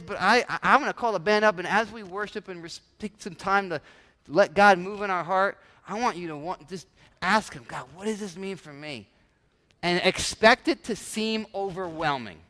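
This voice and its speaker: A man's voice: sits high, normal speed, pushed and bright. A man, a pastor, preaching a conversational sermon with frequent restarts and acted-out asides. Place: church sanctuary. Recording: church hall with long reverb.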